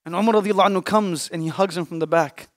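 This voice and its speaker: Young male preacher, high voice, dry close recording, emphatic sermon that drops into hushed pauses. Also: no echo. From Canada. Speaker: Islamic scholar. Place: mosque or lecture hall.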